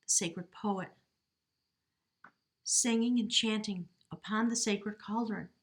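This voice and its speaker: A woman's voice: medium pitch, steady tone, slow pace. A woman giving a casual tarot reading to camera, chatty and heartfelt, talking straight to the viewer. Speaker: tarot reader.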